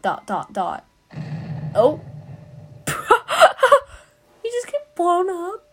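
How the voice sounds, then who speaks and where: A woman talks through a video game in a loose, chatty way. Her voice sits high and moves around a lot. She reads dialogue aloud and reacts quickly. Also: huge pitch swings, a little mellow, slight background noise. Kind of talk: gameplay commentary.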